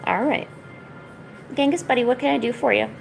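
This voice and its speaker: A sick woman streaming her drawing, chatting softly to her pets and cooing at them. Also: a little high, a little fast, creaky, rough recording. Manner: soft, cooing pet talk. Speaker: art streamer. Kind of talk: casual chat to her pets while drawing. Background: faint music.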